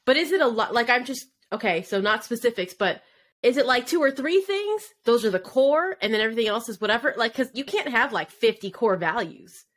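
A woman's voice: a little high, animated, a little fast. A woman co-hosting a casual podcast chat, reflective, asking probing questions and laughing easily. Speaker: podcast co-host.

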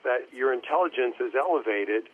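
A man chatting casually on a commentary track, rambling and halting as he searches for his words, heard over a phone line. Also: medium pitch, expressive. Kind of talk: casual chat.

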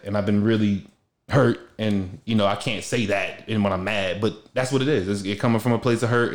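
A man's voice: fairly low pitch, roomy sound. A young man hosting a show, talking in a loose, slangy, rambling way with many restarts. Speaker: podcast host. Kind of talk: casual heartfelt conversation.

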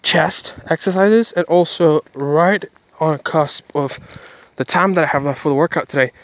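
A man's voice: on the high side, normal speed, fairly bright tone, dry recording. A man talking through his day in a casual vlog, rambling and correcting himself, earnest about his faith. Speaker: Christian vlogger.

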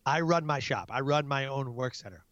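Animated man telling family stories. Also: mid-range voice, brisk, dry recording, highs cut off. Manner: animated, laughing, acts out his own outbursts. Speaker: guest; military non-commissioned officer. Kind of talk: casual storytelling interview.

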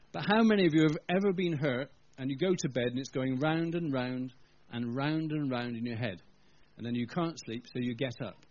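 At a church gathering, a man preaches a sermon in a medium-pitched, slightly mellow voice, telling the story conversationally and addressing the congregation directly. The recording is dull and lo-fi.

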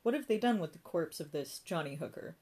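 Audiobook: deadpan bewildered man, voiced by a woman. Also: lowish voice, fairly quick, breathy edge. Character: confused, dry-witted grown man.

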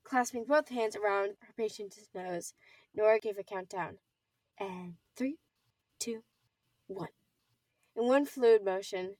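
A woman's voice: medium pitch, no echo, distant mic. Teen girl narrating, a bit off-mic. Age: teens. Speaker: co-author and narrator. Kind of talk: amateur audiobook narration.

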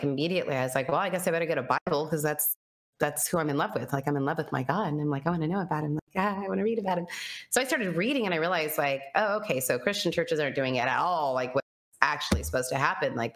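A woman's voice: low voice, fast talker. Chatty woman telling a personal story. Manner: chatty, full of "like" and quoted inner speech; earnest and reflective. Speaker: guest telling her conversion story. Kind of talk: casual conversation.

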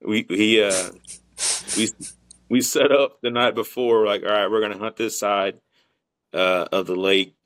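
A man's voice: on the low side, measured pace, pauses often, no room sound. A man telling a hunting story on a casual podcast, acting out the quotes with lots of restarts. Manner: animated storyteller who acts out quotes, with many restarts.

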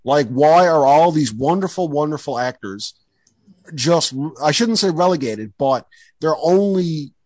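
A man's voice: fairly high pitch, lively intonation, unhurried, darkish tone, dry recording. A man hosting a podcast in casual chat, enthusiastic and rambling with lots of fillers. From Canada. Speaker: podcast host.

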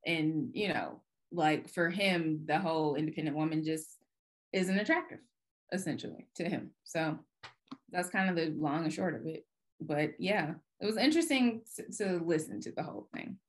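A woman co-hosts a casual panel discussion. Her voice is soft and sweet, sitting somewhat low, and she speaks calmly and unhurriedly. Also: moderate pace. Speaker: co-host.

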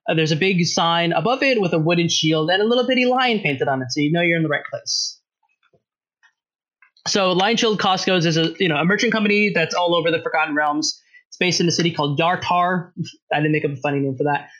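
A game master talking through a tabletop scene in a loose, rambling style, laughing often and correcting himself as he goes. The voice sits at a middling pitch. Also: fairly quick, a bit bright, poor audio. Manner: rambling, laughs often, many fillers and restarts.

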